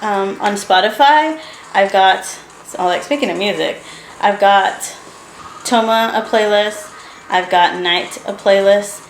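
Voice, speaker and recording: A woman's voice: mid-range voice, roomy sound, a little hiss or hum, rough recording. A sleepy young woman chatting in a rambling, laughing way as a doll-collecting vlogger, late at night in her living room. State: sleepy, yawning. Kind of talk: casual late-night chat to camera. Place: living room at home, indoors.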